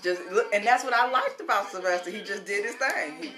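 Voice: mid-range voice, a little fast, over music. A host in casual conversation, talking expressively and often saying "look" and "baby.". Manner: expressive, animated, says "baby" and "look" a lot. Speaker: show host. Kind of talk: casual chat.

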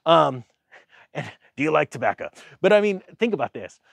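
A man's voice: fairly high pitch, very animated, moderate pace, vocal fry, fairly bright tone, no echo, studio quality. A man giving a casual, sarcastic rant about the economy, mocking others in silly voices. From United States. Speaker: finance commentator.

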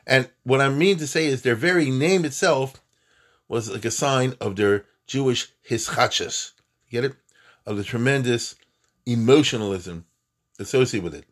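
Guy lecturing, rabbi vibe, excited asides, keeps restarting sentences. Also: medium pitch, moderate pace. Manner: animated, emphatic, conversational with many asides and restarts. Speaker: rabbi teaching Jewish history. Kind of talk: lively class talk, storytelling.

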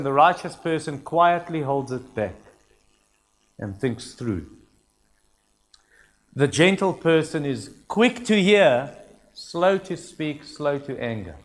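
Earnest preacher man. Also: a little high. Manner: earnest, emphatic, repeats key phrases. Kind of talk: sermon.

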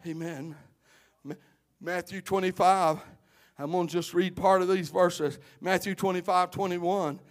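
High-voiced preaching man. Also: steady tone, a little slow. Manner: builds from quiet storytelling to shouted preaching. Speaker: pastor. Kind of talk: sermon.

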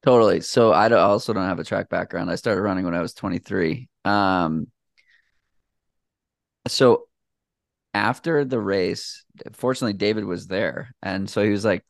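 A man speaks as a guest on a podcast, easygoing and rambling, with lots of pauses and fillers. His voice sits low with a gravelly, fry-tinged edge. The sound is dry and close, with no room around it. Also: dry recording. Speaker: podcast guest, shoe reviewer. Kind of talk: casual conversation.

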